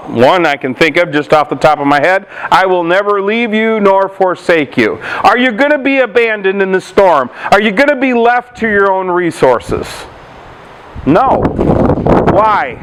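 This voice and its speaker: A man's voice: high voice, a bit bright, clean tone, poor audio. A man, a pastor, preaching a sermon, asking the congregation questions and retelling Bible stories.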